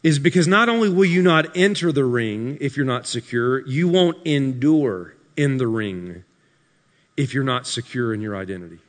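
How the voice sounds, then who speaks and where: A pastor preaching a sermon to his congregation, building to shouted peaks and dropping into dry, sarcastic asides. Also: mid-range voice, lively intonation, normal speed. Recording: live sermon in a reverberant hall.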